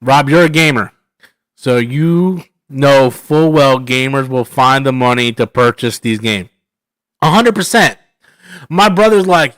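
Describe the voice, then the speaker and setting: A man's voice: medium pitch, a little slow, a bit bright, no echo. Rambling male streamer with a dry sound. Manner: rambling, slangy, peppered with "man" and "bro". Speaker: live streamer host. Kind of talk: casual live stream commentary answering chat.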